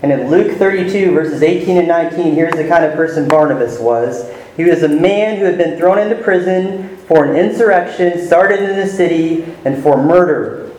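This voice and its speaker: A man's voice: on the high side, moderate pace, darkish tone, a little hiss or hum. A man preaching a sermon, teaching verse by verse and stressing key words with rising emphasis. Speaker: pastor. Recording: very echoey room with faint ambience.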